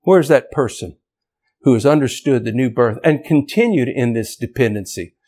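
A man preaching an impassioned sermon, emphatic and repetitive, climbing toward near-shouting on key points. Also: mid-range voice, expressive, normal speed.

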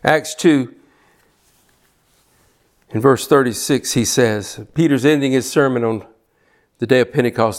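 A man preaching with fervent, driving intensity, pressing the same point again and again. His voice sits at an ordinary middle pitch, and he often trips over words and restarts mid-sentence. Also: measured pace, long pauses. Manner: fervent, pushes hard, repeats himself. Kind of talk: sermon.

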